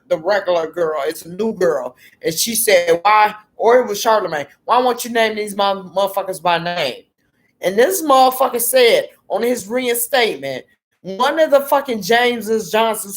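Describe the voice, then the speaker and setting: A woman giving a heated, profane rant on politics, repeating words for emphasis. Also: mid-range voice. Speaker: political commentator. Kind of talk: ranting political commentary.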